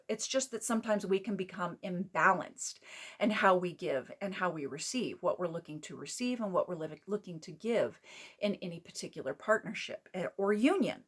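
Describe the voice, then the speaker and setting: A woman hosting her own channel and giving a casual, rambling lesson, with fillers and self-corrections along the way. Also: mid-range voice. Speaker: host. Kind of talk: casual teaching talk.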